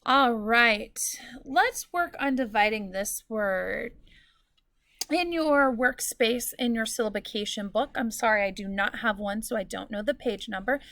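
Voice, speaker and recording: In an unhurried manner, a woman teacher with a fairly high, fairly bright voice walks students through a recorded lesson, elongating example words and explaining patiently and clearly. There's no room sound.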